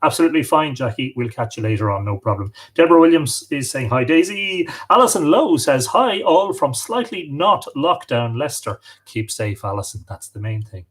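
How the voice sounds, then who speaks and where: A man's voice: medium pitch, very animated, moderate pace, hardly any pauses, a bit bright, breathy edge. A man hosting a live stream, chatting and greeting viewers as he reads out their comments. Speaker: host.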